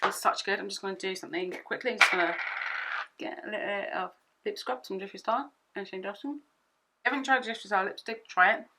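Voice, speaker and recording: A young woman chatting through a makeup tutorial at home, excitable and rambling, often repeating herself. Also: mid-range voice, fast talker, very noisy. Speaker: beauty vlogger.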